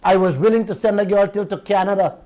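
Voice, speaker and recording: Guyanese radio host guy, high voice, fired up and ranting. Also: fast, poor audio. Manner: animated, indignant, repeats himself. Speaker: radio talk show host. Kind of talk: heated talk radio monologue.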